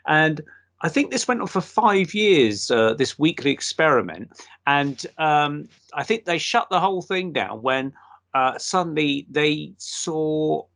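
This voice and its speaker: A man hosting a casual talk show over a video call, rambling with many pauses and fillers. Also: a little high, expressive, creaky, a bit bright. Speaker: podcast host. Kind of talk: casual chat.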